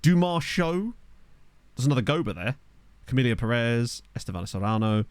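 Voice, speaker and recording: A man with a neutral British accent chatting quickly and casually to his live-stream viewers while playing a football management game. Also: mid-range voice, big pitch swings, clean tone, dry recording. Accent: neutral British English. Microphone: desktop USB microphone.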